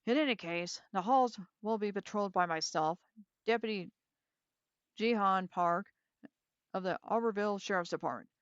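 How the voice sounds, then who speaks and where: A woman reading aloud as a brash, dismissive male small-town deputy, in a smooth voice. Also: medium pitch, moderate pace, pauses often, dry recording, lo-fi sound, close to an everyday voice. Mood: blustering.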